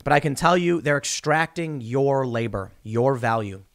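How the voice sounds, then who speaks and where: A man giving solo political commentary, sarcastic, mocking opponents in high put-on voices. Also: lively intonation, moderate pace.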